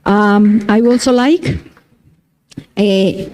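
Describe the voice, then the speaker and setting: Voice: medium pitch, slow pace, darkish tone, a little hiss or hum. A speaker giving a formal welcome address at a university event, reading names carefully and hesitating with fillers and restarts.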